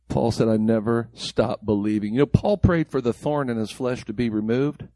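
A man's voice: medium pitch, normal speed, few pauses, mellow, dry recording. A man preaching a sermon as pastor, mimicking the people he quotes in mocking voices.

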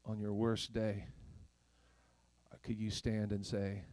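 A male pastor preaching a sermon in an emphatic, rhetorical way. He swings from loud questions to hushed whispers and adds playful asides with chuckles. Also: on the low side, completely flat delivery, slow, long pauses.

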